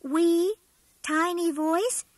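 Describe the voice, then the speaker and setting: A woman voicing a cheerful toy bear storyteller, reading a storybook tale in a slow, sing-song, emphatic way. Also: extremely high pitch, no room sound, heavily acted. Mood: gentle, storytelling. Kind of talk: scripted storybook narration.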